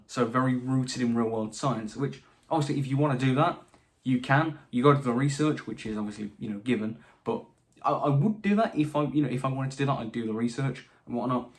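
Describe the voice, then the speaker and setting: A man's voice: mid-range voice, lively intonation, fast talker. Chatty young British man. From Britain. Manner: chatty, stumbling restarts, dry asides. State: voice slightly tired late at night. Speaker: channel host answering viewer questions. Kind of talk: casual Q&A monologue.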